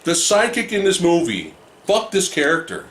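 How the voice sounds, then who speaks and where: A man's voice: on the high side, wildly swooping pitch, moderate pace. A man hosting a podcast, chatting casually about a film, swearing, laughing and acting out scenes. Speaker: podcast host. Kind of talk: casual film review chat. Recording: echoey room, faint noise.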